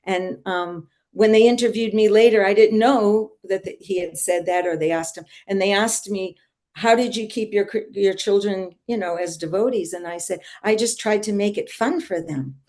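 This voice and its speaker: A woman's voice: medium pitch, normal speed, a little mellow. Woman earnestly telling a devotional story. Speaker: devotee sharing testimony. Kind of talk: personal storytelling in a group talk.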